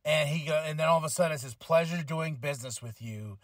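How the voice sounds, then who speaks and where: A man talks through a casual podcast recap, rambling and excitable, with lots of fillers and restarts. His voice sits a little high for a man. The sound is dry and close, with no room around it. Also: fast, no echo. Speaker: podcast host reviewing wrestling. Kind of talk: casual review chat.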